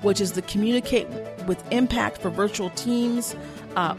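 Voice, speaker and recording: A woman coach and host giving an energetic, fast-paced instructional talk, emphatic and using her pitch to illustrate points. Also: music in the background. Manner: fast-talking.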